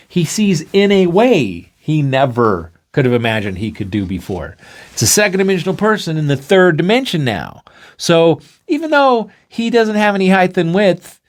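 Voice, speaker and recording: This man hosts a talk and gets his idea across through a lively story. He plays each character in short, excitable bursts, his pitch leaping suddenly from one to the next.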